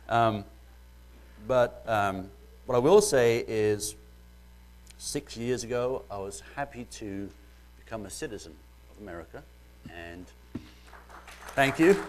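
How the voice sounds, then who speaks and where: A man with a British accent preaching a sermon, first joking lightly, then reading Bible verses and explaining them earnestly. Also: mid-range voice.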